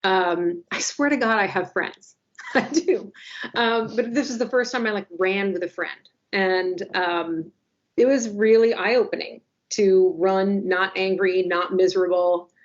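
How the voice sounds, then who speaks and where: A woman in her forties chats on a podcast, telling a story in a wry, self-mocking way full of quick asides. Her voice sits in a middle pitch. The audio is a little dull and lo-fi. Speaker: newspaper podcast co-host. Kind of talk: casual podcast chat.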